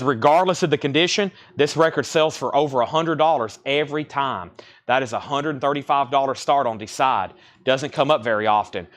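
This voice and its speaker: A man's voice: a little high, a bit bright. A middle-aged man hosting a live-stream record sale, chatting casually and rattling off prices and bids.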